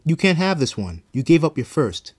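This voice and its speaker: A cruel demon voice, as a narrator puts it on, gloating and mocking in a pitched-up croon. It pushes hard and loud, taunting its prey with menace in a dark audio horror story. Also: male voice, sing-song, moderate pace, slightly rough. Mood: vicious.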